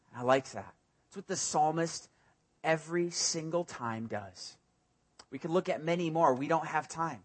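A young adult man preaching a sermon, animated, often dropping to a soft voice and rising loud when he voices the psalmists' cries. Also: a little high, normal speed, breathy edge. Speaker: pastor.

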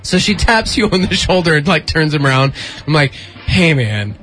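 A man's voice: on the high side, a little fast, soft background music. A man in his thirties telling a story in casual chat and acting out the voices of the people in it. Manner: animated, acts out voices in anecdotes.

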